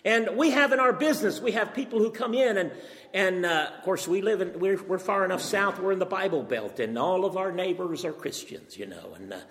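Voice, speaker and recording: A man's voice: high-pitched, fairly quick, fairly bright tone. An older man preaching a sermon, earnest and emphatic, firing off rhetorical questions. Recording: long reverb from a hall.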